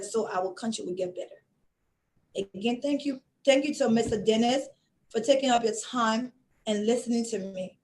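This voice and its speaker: A woman's voice: mid-range voice, slight background noise, rough recording. A woman from Liberia giving an earnest, emotional closing appeal as an interview guest, close to tears and repeating phrases for emphasis. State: tearing up. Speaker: guest, project founder.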